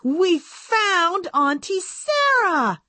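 Earnest little girl doll, high and eager, put on by a woman reading aloud, a little husky, dry close sound. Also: expressive, measured pace, dry recording, heavily acted. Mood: excited.

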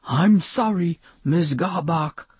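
A woman's voice: lowish voice, takes it slowly, darkish tone, slightly rough, no room sound, heavily acted. A woman voicing an anxious, apologetic young male dog who hesitates and stammers. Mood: nervous.

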